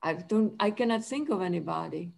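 A woman's voice: on the low side, expressive, fairly quick, vocal fry, a little mellow. A woman in a casual group discussion, hesitant and searching for words. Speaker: discussion participant.

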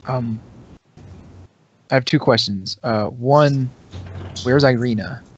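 A man's voice: mid-range voice, takes it slowly. A man playing a tabletop game, talking in a stammering way with repeated words. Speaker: player. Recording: dry, dull lo-fi audio.

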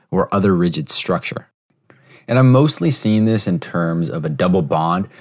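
A young man hosting a podcast, giving a relaxed, explanatory review lesson with fillers and self-corrections. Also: sits low. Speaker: podcast host teaching exam prep. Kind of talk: casual spoken review lesson.

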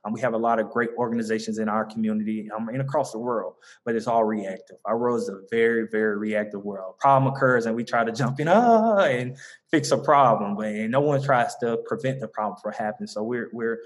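A man's voice: lowish voice, fairly even intonation, fairly quick. A young man from the American South with a Southern accent, a guest telling an interviewer about his mentoring group in an earnest, rambling way full of fillers and restarts. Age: young adult. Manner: earnest, many fillers and restarts, laughs easily. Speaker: guest, mentoring organization founder. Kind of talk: conversational interview.

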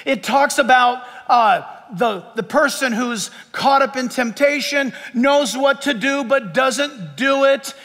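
A man preaching a sermon as pastor, emphatic and swinging between loud and hushed. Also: extremely high pitch, slow, hardly any pauses. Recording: long hall reverb.

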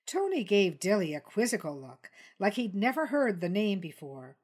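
Woman, storybook narration, even measured read. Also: mid-range voice, husky. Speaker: story reader.

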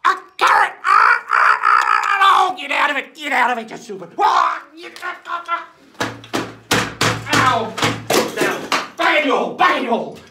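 A man voicing an excitable male parrot first mate, squawking and screeching in a shrill voice. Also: moderate pace, creaky, raised voice, very noisy, exaggerated voice. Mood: frantic screeching.

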